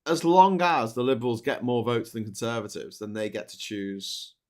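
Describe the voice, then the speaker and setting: A British man hosts a live stream in British English, chatting casually with sarcastic jokes and playful asides. His voice has a medium pitch, a darkish tone, and a moderate pace.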